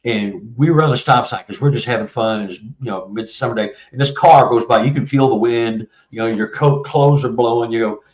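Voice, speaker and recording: A man's voice: mid-range voice, a little fast, hardly any pauses. A man in his seventies from Texas, telling a long story as an interview guest, rambling and restarting often. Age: 70s. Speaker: guest author. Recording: distant, muffled, roomy mic.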